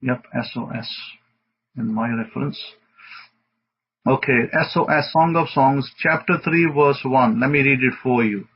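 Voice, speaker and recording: Husky-voiced rabbi preaching casually. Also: male voice, medium pitch, measured pace. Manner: conversational, rambling, with fillers and laughs. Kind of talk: informal teaching sermon. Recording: dull lo-fi audio.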